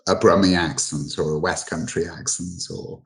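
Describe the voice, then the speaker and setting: Low-voiced male guest, halting explainer with many restarts, casual talk. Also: fairly even intonation, vocal fry, fairly bright tone, rough recording. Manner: halting, full of restarts and fillers. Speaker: guest expert on English dialects.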